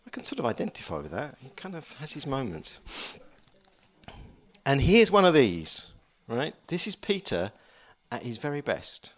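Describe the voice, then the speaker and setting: A male pastor preaching a sermon in an animated, chatty way, with asides and dramatic emphasis. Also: medium pitch, moderate pace.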